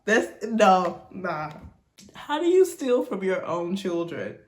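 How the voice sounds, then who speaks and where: A woman's voice: lowish voice, takes it slowly. Emotional young woman reacting. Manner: expressive, emotional, exclaiming. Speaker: reaction video host. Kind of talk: casual reaction commentary.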